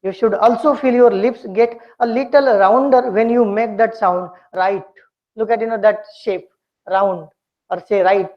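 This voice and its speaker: A woman teaching a pronunciation lesson, speaking slowly and deliberately and repeating words for her students to copy. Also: mid-range voice, fairly even intonation. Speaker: English communication skills teacher. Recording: dull lo-fi lecture recording.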